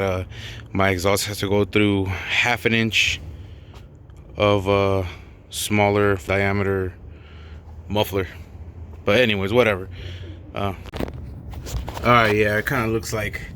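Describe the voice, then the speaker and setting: Vlogging his own car exhaust repair, a man with a lowish, slightly bright voice chats and rambles, swearing a lot and mocking himself as he works. A little hiss or hum sits under the recording.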